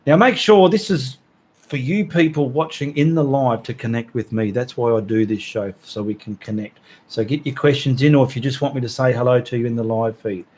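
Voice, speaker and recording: Casual bloke, mid-pitched voice, hosting a live stream and greeting viewers one by one. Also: male voice, fairly even intonation, brisk, a little mellow. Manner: chatty, friendly, reads out viewer names with small asides. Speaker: host of a live art stream.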